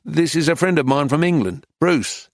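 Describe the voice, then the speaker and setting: Cheerful young man, eager and a touch higher, read by a male narrator. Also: normal speed, no room sound, clean studio sound. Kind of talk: audiobook character voice.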